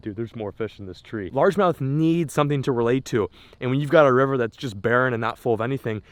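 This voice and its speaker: A young man filming a fishing vlog on a riverbank, talking excitedly and stammering when a fish bites. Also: mid-range voice, no room sound. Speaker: fishing vlogger. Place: outdoors on a river bank.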